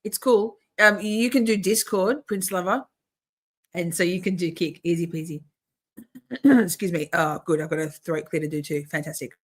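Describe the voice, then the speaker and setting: Chatty middle-aged woman streamer, a touch low. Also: steady tone, normal speed. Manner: chatty and swearing, frequent throat clearing and restarts. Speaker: livestream host. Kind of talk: casual livestream chat.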